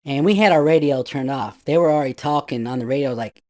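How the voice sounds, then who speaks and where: A man in his fifties tells a ghost story from his youth in a casual, meandering way. He keeps dropping in "you know" asides, and his voice sits at an ordinary middle pitch. He sometimes jumps up loud to act out the panicked shouts of others. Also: quick pace. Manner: rambling, full of "you know" asides, acts out shouted quotes. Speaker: guest storyteller.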